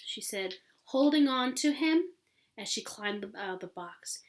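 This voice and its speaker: Expressive woman reading a novel aloud. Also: medium pitch, a little slow. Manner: expressive, dramatic, with small slips and restarts. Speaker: audiobook reader.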